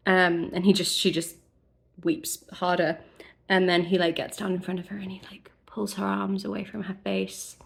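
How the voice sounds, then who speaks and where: A woman's voice: lowish voice, steady tone, moderate pace, vocal fry. Sweary, chatty young woman. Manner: chatty, sweary, wry asides. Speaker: book vlogger. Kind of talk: casual spoiler recap.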